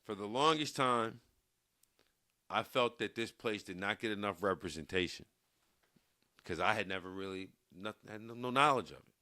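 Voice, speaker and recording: A man hosting a sports podcast, chatting casually in an energetic, emphatic way that gets louder when he is riled up. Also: fairly low pitch, normal speed, pauses often, no room sound, clean studio sound. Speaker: sports radio podcast host.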